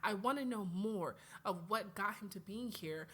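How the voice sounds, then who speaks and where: A young adult woman from Atlanta hosting her own podcast in an animated, chatty way. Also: medium pitch, moderate pace, slightly rough. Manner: animated, chatty, swings between loud outbursts and quiet asides. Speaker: podcast host. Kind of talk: casual solo podcast chat.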